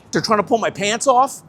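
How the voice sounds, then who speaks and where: A man in his fifties, a veteran skateboarder telling an animated story, laughing often and swearing casually. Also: sits high.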